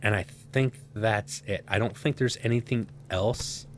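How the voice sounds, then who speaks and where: A man's voice: lowish voice, unhurried, slight background noise. A man casually commenting on his own survival gameplay, rambling to himself with sarcastic asides. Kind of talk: casual let's-play commentary.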